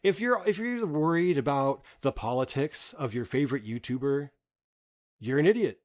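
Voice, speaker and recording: A man's voice: mid-range voice, expressive, moderate pace, a little mellow. A man ranting bluntly and profanely in casual livestream commentary. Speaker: streamer.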